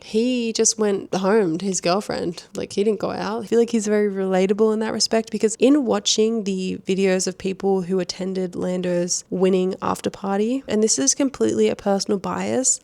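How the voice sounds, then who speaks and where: A young woman, chatting casually and ranting with strong opinions as a motorsport fan vlogger, mimicking others in a high voice. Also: gravelly. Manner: animated, opinionated, acts out quotes in a high voice.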